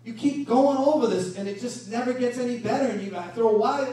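A man preaching a sermon as pastor, animated and full of rhetorical questions, recorded from a distance in a church hall. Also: extremely high pitch, quick pace, few pauses. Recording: echoey room from a distance.

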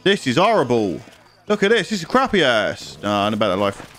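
A young man with a British accent giving rowdy, excitable let's-play commentary in a mock-outraged manner. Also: mid-range voice, fairly quick. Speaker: gaming youtuber. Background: game music.

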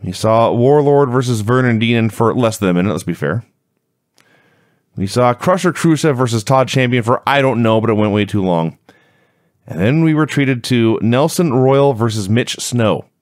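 A man's voice: mid-range voice, lively intonation, moderate pace, no room sound. A man co-hosting a wrestling review podcast, recapping events in a dry, sarcastic way. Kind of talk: casual chat, recapping.

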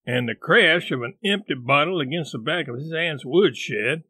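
A man narrating a classic novel in a measured, deliberate storytelling manner. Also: fairly high pitch, expressive, bright, forceful tone, breathy edge, dry recording. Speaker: audiobook narrator. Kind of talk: audiobook narration.

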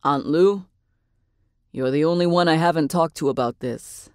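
A woman voicing an earnest, devoted young man in an audiobook, in a plain, even tone. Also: deep voice, moderate pace, no room sound, clean studio sound, lightly acted. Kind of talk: audiobook character voice.

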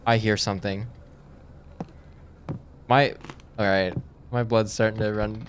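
A man's voice: lowish voice, little pitch movement, unhurried, pauses often, a little hiss or hum. Jumpy male horror gamer. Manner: jumpy, swings from hushed reading to sudden panicked yelps. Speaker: gaming streamer. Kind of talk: horror game commentary.

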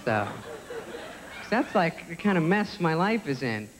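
A man's voice: big pitch swings, a little slow. A young man in his twenties doing a stand-up comedy set, sarcastic and self-deprecating. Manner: sarcastic, self-deprecating, jumps into high squeaky voices for characters. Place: theater stage before a live audience. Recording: live stage recording in a large hall with audience noise.

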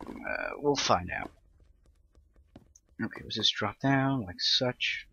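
A man's voice: fairly low pitch, expressive, takes it slowly, gravelly, sharp tone, muffled recording, slight background noise. A young man giving casual, rambling commentary on his own gameplay, self-deprecating and prone to sudden panicked outbursts. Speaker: Let's Play gamer.

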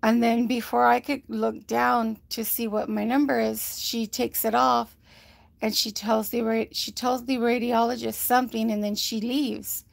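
A woman's voice: on the high side, little pitch movement, unhurried, gravelly, no room sound. A woman giving a rambling, casual health update to livestream viewers, often quoting others and using many fillers, a little short of breath. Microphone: phone.

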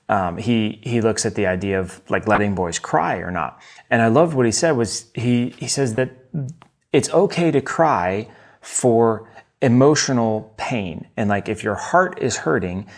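A man in his thirties from the United States, hosting a podcast and talking enthusiastically through a book review, with many fillers and restarts. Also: on the low side. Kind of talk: casual solo book review.

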